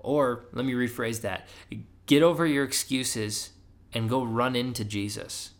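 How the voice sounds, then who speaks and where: A man's voice: mid-range voice, fairly even intonation, unhurried. Man giving an earnest podcast sermon. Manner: conversational, often asks "right?", rises emphatically when urging. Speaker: preacher.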